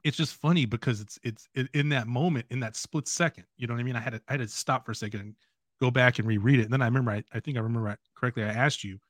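A man in the middle of his range hosts a podcast at a quick clip. His talk is loose and friendly and full of fillers. The recording is close and dry. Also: mid-range voice, no echo. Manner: fast, loose, many fillers like "you know". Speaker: podcast host. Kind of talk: casual interview chat.

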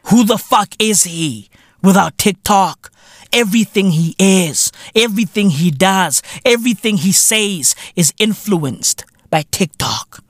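A male podcast host delivers an unhurried, swearing comic rant, his voice leaping up and down in pitch. He keeps checking in with a rhetorical "right?" The sound is dry and close, with no room echo. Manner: animated, profane, keeps asking "right?".

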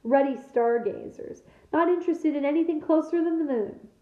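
A woman reading aloud, voicing a big, blunt male gamekeeper who talks in a rough dialect. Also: high voice, normal speed, voice pushed up, close to an everyday voice. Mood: gruff. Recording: echoey room, tinny phone-like sound.

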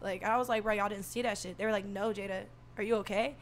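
A soft-spoken young woman telling a story in casual talk, animated and profane, acting out what people said. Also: mid-range voice, a little fast, slight background noise. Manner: animated, swearing, acts out quotes.

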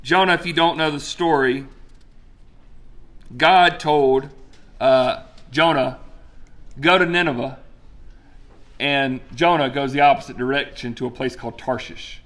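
A male preacher delivering a lively, conversational sermon, telling a story with casual asides to his congregation. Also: medium pitch, unhurried.

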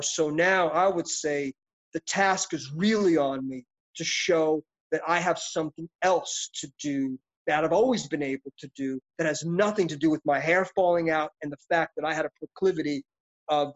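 A middle-aged man, an actor being interviewed, talking in an intense, passionate, reflective and rambling way. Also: on the high side. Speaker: actor guest. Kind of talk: interview conversation. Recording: dull lo-fi audio.

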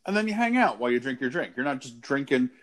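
A man's voice: medium pitch, very animated, quick pace. A man co-hosting a casual podcast, telling stories in a dry, laid-back way. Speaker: podcast co-host.

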